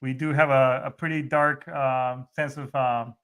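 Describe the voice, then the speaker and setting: A man's voice: mid-range voice, flat delivery, a little slow, fairly bright tone, clear, resonant tone. A middle-aged man hosting a podcast in a casual chat, profane and rambling with many restarts. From Hispanic background. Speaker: podcast host.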